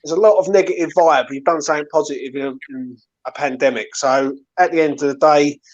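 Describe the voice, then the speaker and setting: A man's voice: on the high side, brisk, lo-fi sound. Man giving a heartfelt pep talk. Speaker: guest on a live watchalong stream. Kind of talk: casual encouraging chat.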